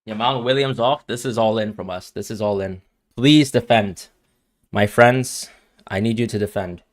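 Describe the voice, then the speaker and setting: A man's voice: on the low side, normal speed, dry recording, clean studio sound. A man streaming live and reacting emotionally to a football match as he watches, talking to his viewers.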